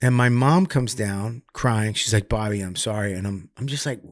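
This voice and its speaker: A middle-aged comedian from Massachusetts, US, guests on a podcast and tells his story candidly, swearing freely, with a fairly low voice at a moderate pace. Animated, he acts out other people's quotes with sudden bursts of loudness. The sound is dry and close, without echo.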